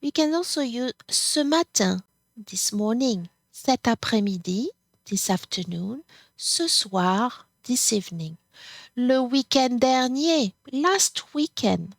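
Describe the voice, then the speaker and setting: A woman speaks in a fairly high voice and takes her time over every word. She says each form plainly and then repeats it. The sound is close and dry. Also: expressive, slow, no room sound. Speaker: French teacher. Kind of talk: slow, careful grammar lesson.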